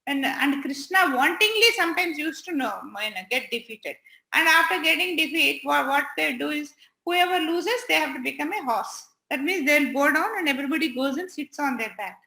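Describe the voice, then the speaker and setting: A woman tells a devotional story to a group of children in a high, ringing voice. She slips into each figure's lines with lively expression. The room around her echoes. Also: normal speed, vocal fry. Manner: animated, voices the figures' dialogue.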